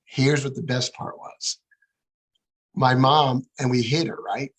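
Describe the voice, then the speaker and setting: A middle-aged man, a guest, telling a personal story with lively acted-out dialogue. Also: mid-range voice, slow pace, breathy edge, low-quality recording. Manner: animated, acts out quoted dialogue. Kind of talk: storytelling interview.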